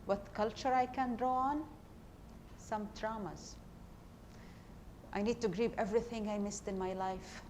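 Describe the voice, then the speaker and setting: A woman's voice: medium pitch, steady tone, unhurried, long pauses, a little mellow, slight background noise. Earnest woman. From Palestine. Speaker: performer. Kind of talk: documentary stage play.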